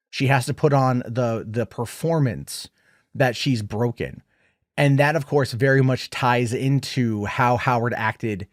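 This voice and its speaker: A man giving a casual, rambling film review, retelling scenes in an animated way. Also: medium pitch, no echo, studio quality.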